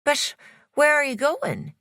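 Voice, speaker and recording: A woman's voice: high-pitched, wildly swooping pitch, takes it slowly, pushed and bright, no room sound, clean studio sound, voice pushed up, exaggerated voice. A woman voicing a scrawny, sick Irish man with an Irish accent who pleads and apologizes. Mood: suspicious.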